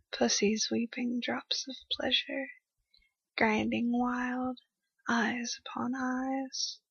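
Woman, whispered intimate poetry reading: husky breathy whisper with gravelly fry, dull lo-fi dry recording. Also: on the high side, a bit bright, no echo. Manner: slow, breathy, sensual whisper.

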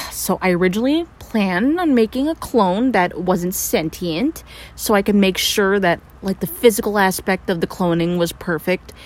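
A woman's voice: medium pitch, moderate pace, lightly acted. A woman playing a frantic young scientist in an audio role-play, stammering, breathless and swearing. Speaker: voice actor.

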